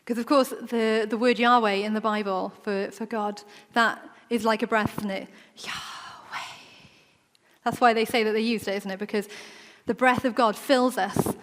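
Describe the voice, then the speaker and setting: A woman's voice: fairly high pitch, fairly even intonation, moderate pace, hardly any pauses. A woman preaching a sermon in a church, talking in a conversational way and acting out the quoted voices. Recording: long church reverb.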